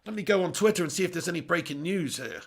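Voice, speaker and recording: Chatty lad with a gravelly voice. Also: male voice, high-pitched, fast. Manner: chatty, laughs often, reads out viewer comments. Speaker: YouTube channel host. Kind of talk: casual live-stream chat.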